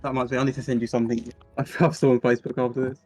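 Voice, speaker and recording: A man with a mid-pitched voice co-commentates a speedrun tournament. He keeps it relaxed and jokey, laughing easily between calls. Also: rapid-fire, faint music behind. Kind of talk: casual live commentary banter.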